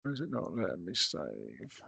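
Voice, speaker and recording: Gravelly low-voiced male trainer. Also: huge pitch swings, moderate pace, pushed and bright, no room sound. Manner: casual, chatty, self-deprecating while demonstrating step by step. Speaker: trainer demonstrating teaching software. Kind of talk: recorded online training session.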